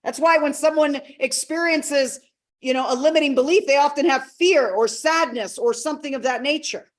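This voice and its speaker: High-voiced woman teaching a live masterclass. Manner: expressive teacher, acts out quotes, slows for key words. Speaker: personal development coach.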